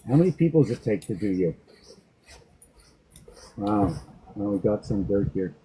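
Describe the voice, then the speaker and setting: A middle-aged man grooming a dog, talking to it in a soft, coaxing way and joking with himself as he works. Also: lowish voice, lively intonation, normal speed, pauses often, breathy edge, poor audio. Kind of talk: rambling talk to a dog while grooming.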